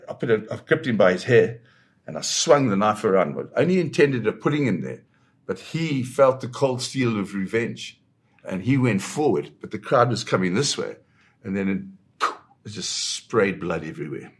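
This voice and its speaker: A man's voice: fairly low pitch, sing-song, moderate pace. A man, a photojournalist guest, telling a dramatic first-person story in a vivid way. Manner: vivid storyteller who slips into quoting voices.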